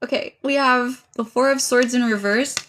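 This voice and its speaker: A woman's voice: on the high side, fairly even intonation, normal speed, fairly bright tone. A woman streaming a live tarot reading, chatting casually and dramatically, pouring thanks on her viewers. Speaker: livestream tarot reader.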